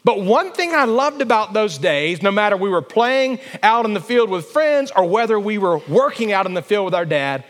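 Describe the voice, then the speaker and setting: A man's voice: high voice, lively intonation, moderate pace, few pauses, fairly bright tone. A young man from Alabama, preaching a sermon and telling stories while calling for responses from the congregation. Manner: storytelling, calls for congregation response. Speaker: pastor. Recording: long reverb of a church hall.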